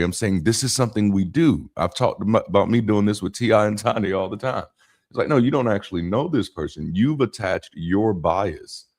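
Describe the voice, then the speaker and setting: A man talking to camera in a casual spoken monologue, animated, with rhythmic emphasis and frequent restarts and asides. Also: lowish voice. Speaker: YouTube commentator.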